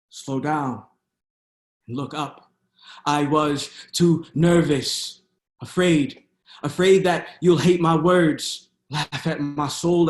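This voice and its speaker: In a reverberant space, a man with a fairly high voice recites his own poems on a video call. He is a poet using rhythmic spoken-word delivery, filling the gaps between pieces with hesitant fillers.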